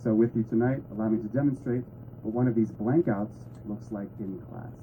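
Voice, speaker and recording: A man's voice: on the low side, brisk, narrow, tinny audio, slight background noise. A man giving a talk to an audience in a conversational way with playful asides. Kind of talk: presentation to an audience.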